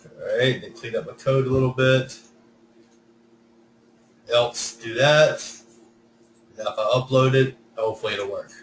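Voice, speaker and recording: A man walks students through their code in a live online lesson, thinking aloud and restarting his sentences as he goes. His voice sits at a middling pitch and sounds distant from the mic, in an echoey room with a faint hiss behind it. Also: steady tone, fast talker. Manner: talks through code step by step, self-correcting. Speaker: coding instructor. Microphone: computer mic, sound reported as poor by students.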